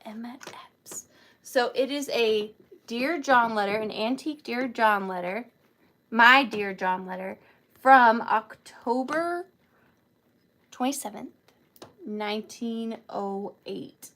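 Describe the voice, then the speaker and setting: Brief: gushing woman host of a live sale, fast chatter, bright and slightly high voice. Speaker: online antique seller. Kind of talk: live-selling vlog chat.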